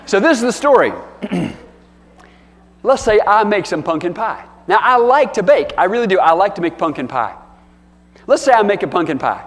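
A man with a high voice preaches a sermon, drifting into folksy stories and acting out little bits of dialogue. His words ring out with a long trailing reverb from a large hall. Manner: folksy storytelling with playful acted-out dialogue. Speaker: pastor.

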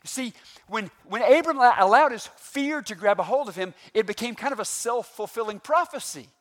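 Animated male preacher with rhetorical questions. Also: extremely high pitch, moderate pace. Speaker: pastor. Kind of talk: sermon.

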